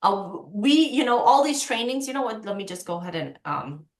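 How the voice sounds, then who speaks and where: A woman's voice: medium pitch, big pitch swings, fairly quick, reverberant. A woman leading a sales training on a video call, coaching energetically and acting out past conversations.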